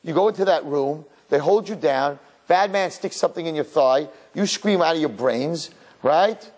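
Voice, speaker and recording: A man preaching a sermon as a rabbi, telling stories in an animated way. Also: on the high side, moderate pace. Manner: animated storyteller who acts out his characters.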